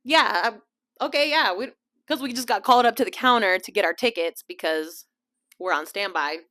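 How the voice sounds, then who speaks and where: A young woman hosting her own podcast, chatting casually about a trip, animated and laughing, acting out other people's lines. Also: mid-range voice, moderate pace. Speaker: podcast host. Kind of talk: casual storytelling chat.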